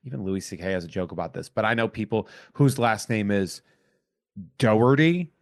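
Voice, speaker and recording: A middle-aged man with a very deep voice hosts a podcast in easy, casual chat. He rambles through his stories, restarting and wandering mid-thought. The sound is dry and close. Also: fast, creaky, no echo. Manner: rambling, self-interrupting storyteller. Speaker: podcast host.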